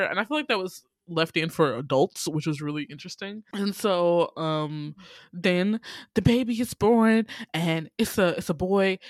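A woman in casual chat, recapping a movie with lively, profane asides and outraged reactions. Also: dry recording, clean studio sound. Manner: animated, swears freely, acts out her own outraged reactions in a high voice. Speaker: podcast co-host.

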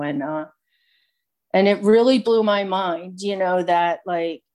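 Sharing the story of her recovery, a middle-aged woman gives a frank, meandering testimony peppered with filler words. Her voice is fairly low, slow and somewhat dark in tone.

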